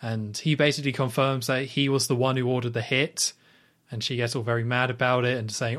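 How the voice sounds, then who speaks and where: Podcast host, man, middle pitch, rambling casual recap with lots of fillers. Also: a little fast, fairly bright tone. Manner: rambling scene retelling, full of "like" and restarts. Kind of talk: casual film recap chat.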